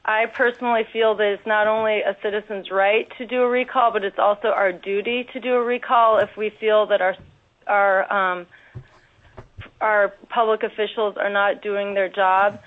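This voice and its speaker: A woman giving earnest, careful public testimony at a legislative hearing, pausing often with ums. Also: medium pitch, steady tone. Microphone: telephone. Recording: tinny phone line.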